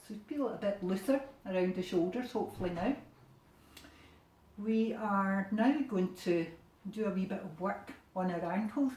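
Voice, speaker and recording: Scottish woman leading a home exercise class. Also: medium pitch. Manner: gentle, encouraging instructions with relaxed fillers. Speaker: fitness instructor. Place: bedroom at home. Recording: roomy sound from a distant camera.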